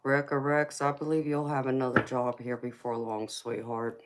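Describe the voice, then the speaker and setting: Her bass voice is completely flat and measured, with slight background noise behind it. A tarot livestream host with a Southern Georgia accent, she fights off a cold while casually reading chat comments and replying with affectionate words like honey and sweetheart.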